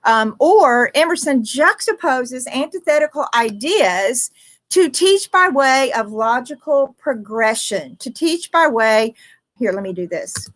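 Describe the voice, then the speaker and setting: A high-pitched woman talks through a writing lesson as a teacher. She thinks aloud with plenty of ums, corrects herself, and slows down on the words she wants to stress. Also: lively intonation, a bit bright.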